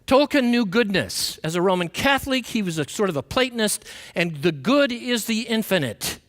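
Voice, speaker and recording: Man, sermon, high voice, long church-hall reverb, conversational. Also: lively intonation, moderate pace, a bit bright. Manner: conversational, asks the congregation questions; acts out quoted voices with big pitch swings. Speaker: minister giving a Sunday talk. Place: church sanctuary.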